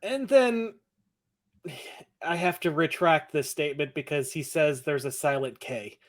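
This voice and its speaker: A male podcast co-host recapping a TV episode in casual chat, loose and quick to laugh. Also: on the high side. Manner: laughs often, loose and chatty.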